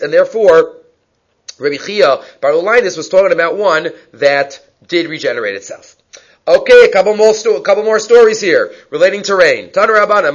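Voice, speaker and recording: High-voiced man teaching Talmud. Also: fairly bright tone. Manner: reads Aramaic lines then explains in English; asks and answers his own questions. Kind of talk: Talmud class. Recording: dull lo-fi recording.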